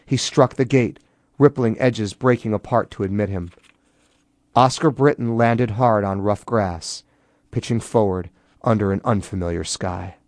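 Low-voiced man reading his own fiction. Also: measured pace, dry recording, clean studio sound. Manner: voices characters with rising intensity in shouted dialogue. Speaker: author reading his novel.

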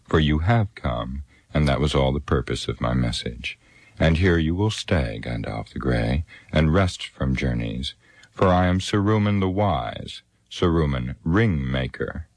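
A man voicing a slow, sneering old wizard. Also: very deep voice, lively intonation, no room sound, full character voice. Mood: scornful. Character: scornful proud old male wizard.

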